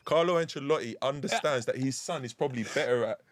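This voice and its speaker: A man co-hosting a casual football chat show, animated and playful, arguing and laughing with his co-host. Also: mid-range voice, fast, dry recording, studio quality.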